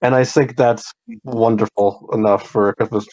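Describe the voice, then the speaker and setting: A young man chatting casually as a podcast co-host, relaxed, with lots of fillers and dry asides. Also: fairly low pitch, normal speed, low-quality recording. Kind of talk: casual chat.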